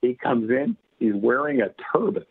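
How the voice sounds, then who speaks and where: A man's voice: medium pitch, very animated, moderate pace, slightly rough. A man telling a long rambling story in casual chat, laughing often and filling with "you know". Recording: tinny phone-like radio line.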